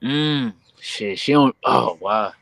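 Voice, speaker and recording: A man's voice: mid-range voice, slow pace, gravelly, fairly bright tone, no echo. A man in easygoing casual chat, slangy with "uh" fillers. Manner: laid-back slangy talk with fillers.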